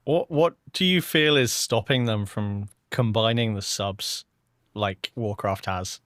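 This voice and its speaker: A man hosting a gaming podcast, asking relaxed, slightly stammering questions. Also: fairly low pitch, slow pace, dry recording, studio quality. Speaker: podcast host. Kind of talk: casual podcast chat.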